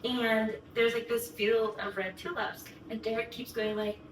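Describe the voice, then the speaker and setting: Her voice is on the high side, flat in delivery, and a little slow as this young female vlogger gushes through a chatty story to the camera, leaning heavily on "like". The mic is distant, the room echoes, and there's background noise.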